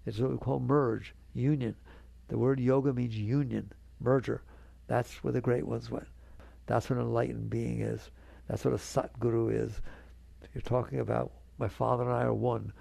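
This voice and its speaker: A man's voice: medium pitch, flat delivery, normal speed, vocal fry, dark tone, dry recording. A man giving a spiritual talk to an audience, earnest and conversational, coaxing his listeners along. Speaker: spiritual teacher.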